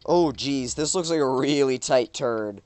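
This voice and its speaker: A man's voice: mid-range voice, measured pace, darkish tone, dry recording. A man with a stuffed-up nose giving casual, rambling commentary while playing a driving game, often exclaiming at the road. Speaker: gaming YouTuber.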